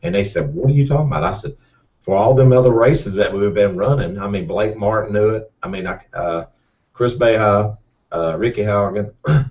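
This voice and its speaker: A middle-aged race car driver, telling a rambling, folksy story with repeated words. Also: male voice, lowish voice, normal speed, darkish tone. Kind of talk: casual storytelling. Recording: distant, muffled mic.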